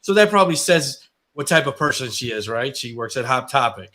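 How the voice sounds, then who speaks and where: A middle-aged man co-hosting a casual talk show, telling a story in an animated way and exclaiming in disbelief. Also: mid-range voice, a little fast. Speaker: co-host. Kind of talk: casual radio chat.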